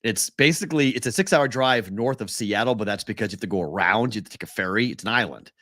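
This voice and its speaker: A man co-hosting a sports betting podcast, bantering enthusiastically in quick bursts of casual chat. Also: on the low side, lively intonation, a bit bright, dry recording, clean studio sound.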